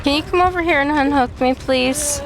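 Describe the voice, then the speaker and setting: A woman streaming a game live and commenting as she plays, excitable and laughing often as she talks to her chat. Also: sits high, normal speed. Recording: game music playing clearly behind.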